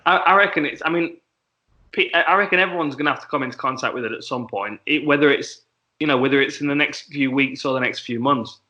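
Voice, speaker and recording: Bloke, relaxed podcast chat, bright voice, kinda muffled lo-fi sound. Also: male voice, medium pitch, fast. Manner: relaxed, laughing along. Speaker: podcast co-host. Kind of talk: casual chat. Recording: dull lo-fi sound.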